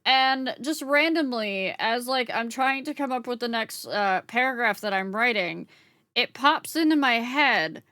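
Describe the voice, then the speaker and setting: A woman's voice: fairly high pitch, lively intonation, measured pace, pushed and bright, no echo, clean studio sound. A woman streamer chatting casually with her live chat while she crochets, swearing freely and laughing often.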